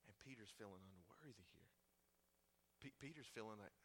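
A man preaching a sermon in a church, talking to the congregation in a conversational way that swings from loud emphasis to hushed tones. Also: fairly low pitch, moderate pace, a little hiss or hum. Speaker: pastor.

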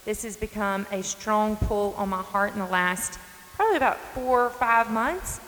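A woman's voice: mid-range voice, moderate pace, fairly bright tone. A woman in her forties from North Carolina with a Southern accent, hosting a faith podcast in an earnest, folksy, emphatic way from her front porch. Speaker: podcast host. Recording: long reverb, faint hiss.

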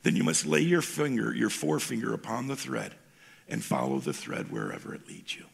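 A man voicing a wise, gentle old grandmother from a fairy tale, speaking low and hushed to reassure a child. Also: wildly swooping pitch, fairly quick, gravelly, breathy edge, big-room sound, full character voice. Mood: earnest.

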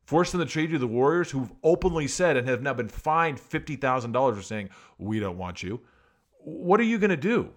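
A man's voice: a little high, expressive, brisk, few pauses. Man ranting with sarcastic questions. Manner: sarcastic, heated rhetorical questions; rants and argues. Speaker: sports commentator. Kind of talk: casual sports talk monologue.

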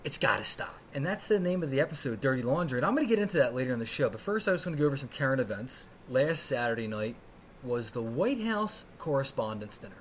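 Man in his thirties, podcast host, ranting and swearing, sarcastic, pitch swinging wildly, faint noise behind. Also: sing-song, quick pace. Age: 30s. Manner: ranting, sarcastic and profane, swinging between mutters and outbursts. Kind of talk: solo podcast rant.

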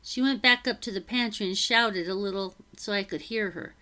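Woman doing a scolding middle-aged housekeeper, brisk rough speech, bright loud tone, storybook audiobook. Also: mid-range voice, natural voice. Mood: bossy.

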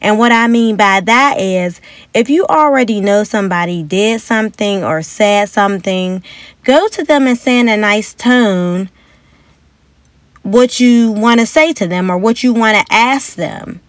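A woman's voice: measured pace, dry recording. Young woman hosting a chatty podcast. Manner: chatty and upbeat, acts out quotes in a higher voice. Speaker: podcast host. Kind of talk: casual motivational podcast talk.

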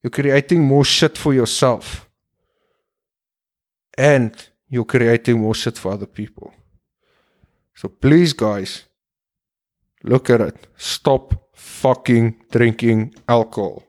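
A man's voice: mid-range voice, slow, pauses often. A man delivering an impassioned, blunt and heavily profane monologue as a podcast host.

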